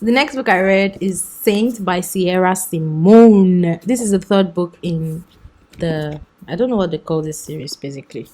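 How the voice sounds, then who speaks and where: A woman's voice: on the low side, measured pace, darkish tone. A young woman chatting enthusiastically through a casual book review vlog, often laughing.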